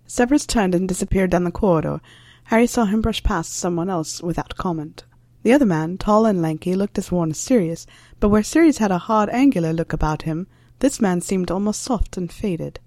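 A woman reading a fan fiction story aloud as narrator, in an even storytelling manner. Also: on the low side, a little fast, no room sound. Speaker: reader.

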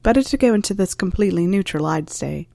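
A woman voicing a friendly young witch who calms the others down. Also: medium pitch, quick pace, creaky, no room sound. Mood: reassuring. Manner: reassuring.

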